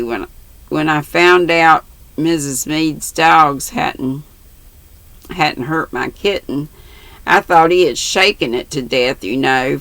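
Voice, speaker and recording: A grandmother voicing an earnest, shy and blunt little boy who talks gravely in a storybook reading. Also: low voice, a bit bright, no echo, full character voice.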